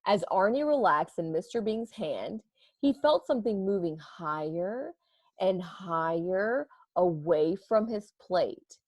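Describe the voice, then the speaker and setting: A woman's voice: lowish voice, no room sound. Woman reading a storybook to kids. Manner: expressive storytelling, pausing to ask the listeners questions. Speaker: teacher. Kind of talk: reading a picture book aloud to students.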